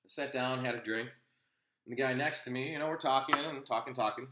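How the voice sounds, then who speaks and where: A man's voice: medium pitch, a little fast, roomy sound, noisy background. A man hosting a casual opinion chat, telling a rambling anecdote with frequent restarts. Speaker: host.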